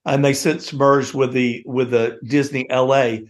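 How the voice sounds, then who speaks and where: A man hosting a reminiscing conversation, telling stories in an animated way and laughing often. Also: medium pitch, unhurried. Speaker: host.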